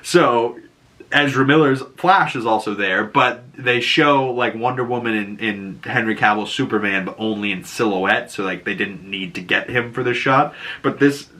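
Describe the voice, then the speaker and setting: Guy rambling through a show recap, bright voice, loose and sweary. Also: mid-range voice, moderate pace. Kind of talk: casual recap commentary.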